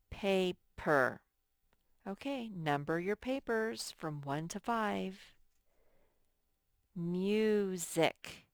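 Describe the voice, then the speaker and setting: An adult woman teacher leads a first-grade spelling lesson, patiently sounding out each word by syllable at a relaxed pace. Her smooth, somewhat low voice has lively intonation and a dry, close sound with no echo, and she speaks plainly.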